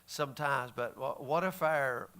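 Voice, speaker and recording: A man's voice: medium pitch, unhurried, sharp tone, smooth. A man teaching the Bible in a casual, folksy way, often restarting his sentences. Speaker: pastor.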